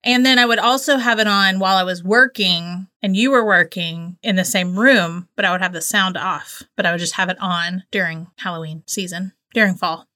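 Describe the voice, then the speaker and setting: A woman's voice: medium pitch, moderate pace, few pauses, pushed and bright. A woman co-hosting a casual movie podcast, chatty and teasing, often laughing. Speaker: podcast co-host.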